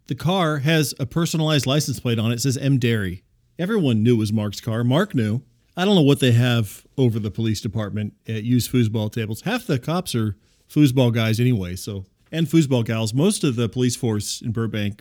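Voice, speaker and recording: A man hosting a comic audio show, telling rambling neighborhood stories in a dry, deadpan way with wry asides. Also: mid-range voice. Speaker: host.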